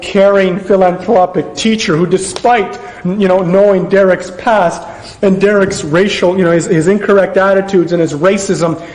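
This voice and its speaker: Sarcastic man with a high voice. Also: darkish tone, low-quality recording. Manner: sarcastic, with frequent restarts. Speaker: commentator. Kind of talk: film commentary monologue.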